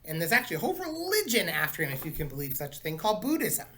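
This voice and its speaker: Male teacher, picture-book read-aloud, animated storyteller, expressive range. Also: on the high side, rapid-fire.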